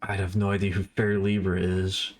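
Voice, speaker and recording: A man's voice: deep voice, completely flat delivery, moderate pace. Man, livestreamer, casual rambling chatter, self-deprecating, perks up when pointing things out.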